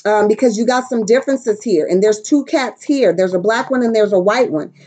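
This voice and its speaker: This tarot reader is a middle-aged woman with a medium-pitched, dark-toned voice and a brisk delivery. Her casual reading is brash and profane, full of clowning, silly voices and fragments of song.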